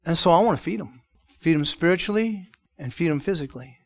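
A man preaching a sermon as a pastor, telling a personal testimony and moving between loud emphatic lines and hushed soft ones. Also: fairly high pitch, lively intonation, fast.

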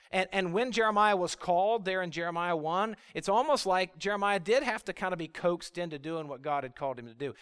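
Animated man preaching a sermon. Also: smooth. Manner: animated, acts out the prophet's complaints, drops low and quiet for scripture.

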